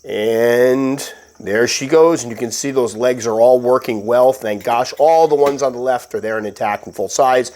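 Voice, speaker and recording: A man with a slightly stuffy voice, calmly narrating a casual update about caring for his pet tarantula. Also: medium pitch, moderate pace. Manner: calm, explanatory, patient. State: stuffy, recovering from illness. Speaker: tarantula keeper and channel host.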